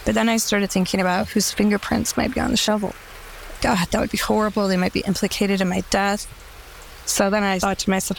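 A woman telling a personal story in a wry, self-mocking, unhurried way. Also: medium pitch, fairly even intonation, gravelly, slight background noise, rough recording.

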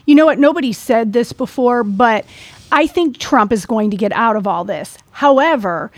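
A woman with a fairly high voice chimes in on a casual talk show with short reactions. Her voice is dry and close. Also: expressive, normal speed, no room sound. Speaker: co-host.

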